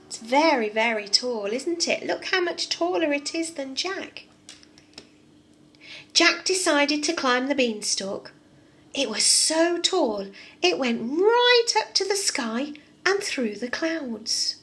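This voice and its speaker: A nursery teacher, a woman, reading a storybook aloud to young children in an expressive way and asking them questions. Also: high-pitched, slow.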